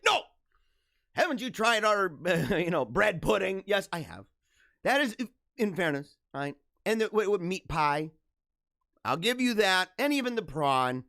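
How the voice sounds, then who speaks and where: Live show host, man, high voice that swoops all over, comic rants, dry close sound. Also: no echo. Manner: animated, ranting, jokey; laughs often. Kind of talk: casual live-stream commentary.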